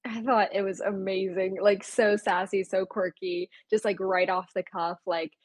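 A woman co-hosting a casual fan discussion, hedging her opinions with many fillers and soft laughs. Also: medium pitch, little pitch movement, unhurried, no room sound. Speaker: podcast co-host.

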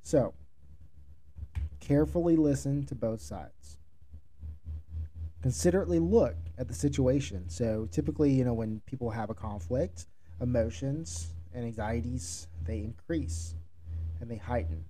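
A man's voice: mid-range voice, measured pace, pauses often, warm tone, slight background noise. A man hosting a podcast, speaking directly and instructively as he coaches restaurant leaders. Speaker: podcast host, restaurant manager. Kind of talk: solo podcast monologue giving advice.

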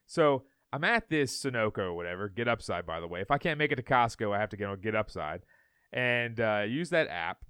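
A man's voice: fairly low pitch, lively intonation, brisk, a bit bright, clean tone, no room sound, studio quality. A man co-hosting a podcast who tells a long story in casual chat, stammering and restarting often and laughing as he goes. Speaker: podcast co-host.

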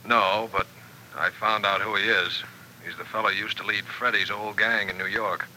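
Grim searcher, low voice, sharp bright tone, faint hiss, off-mic. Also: male voice, steady tone, moderate pace, poor audio. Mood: grave. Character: grim man searching for a kidnap victim. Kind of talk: 1940s radio drama acting.

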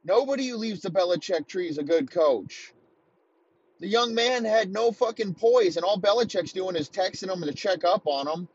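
A man in his thirties delivering a heated, profane comedic rant, talking in rapid-fire bursts. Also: high voice, animated, slightly rough, dull audio. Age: 30s.

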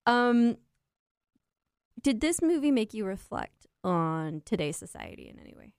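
A woman co-hosting a podcast, chatting casually and wryly about films in an animated way. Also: mid-range voice, a little slow, clear, resonant tone, dry recording, studio quality. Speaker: podcast co-host. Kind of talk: casual film review chat.

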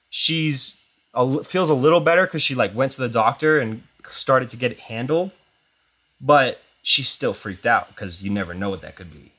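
A man's voice: mid-range voice, moderate pace. A young man hosting a podcast, telling a story casually and rambling, with lots of "like" and quoted voices. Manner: rambling, filler-heavy with constant "like"; animated retelling with quoted voices. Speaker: podcast host.

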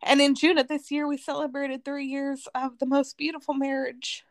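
A woman's voice: high-pitched, flat delivery, normal speed, no room sound. A woman from Arizona, a podcast guest, telling her personal testimony in an earnest, emotional way.

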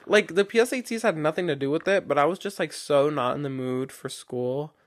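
A man's voice: a little high, normal speed. A young man in his late teens hosting his own podcast, talking casually in a rambling way, full of fillers and restarts. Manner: rambling, chatty, heavy filler "like", frequent restarts. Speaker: podcast host. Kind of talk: casual solo podcast monologue.

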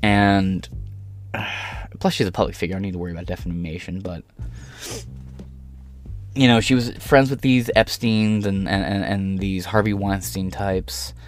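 A man's voice: low voice, normal speed, pauses often, soft background music. A man from Canada, hosting a podcast and ranting bluntly with lots of swearing. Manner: profane, blunt, heated. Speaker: podcast host. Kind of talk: ranting commentary.

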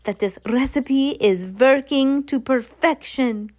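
A woman reading aloud puts on an imperious storybook witch who rolls her R's. She speaks higher than her usual voice and drags each word out slowly and grandly. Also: lightly acted. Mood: gloating. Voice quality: rolled R's. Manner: slow, grandly drawn-out speech. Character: imperious cruel female Grand High Witch.

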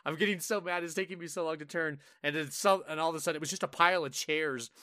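A man on a casual gaming podcast with a bright, forceful voice, recorded dry and close. He tells animated stories, swears freely and acts out his own frustrated reactions in quoted asides. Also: on the high side, quick pace, no echo. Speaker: podcast co-host.

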